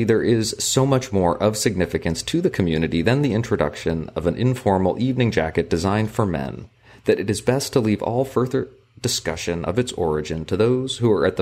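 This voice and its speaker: Male host, low voice, measured read-aloud delivery of a history text. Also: a little mellow. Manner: measured, deliberate reading. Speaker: podcast co-host. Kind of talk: reading aloud from a local history book.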